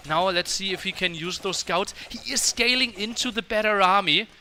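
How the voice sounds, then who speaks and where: A man's voice: high-pitched, normal speed, sharp tone, slight background noise. A man commentating a strategy game match, analytical and asking questions about the players' choices. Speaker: esports commentator.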